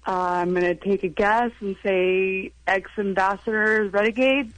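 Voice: medium pitch, steady tone, unhurried, very noisy. A radio caller guessing song titles, hesitant. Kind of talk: call-in phone game.

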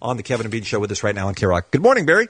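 A man's voice: lowish voice, huge pitch swings, fairly bright tone, slightly rough. A male morning radio host taking calls and joking with callers. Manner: joking, quick banter. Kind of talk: morning radio call-in chat.

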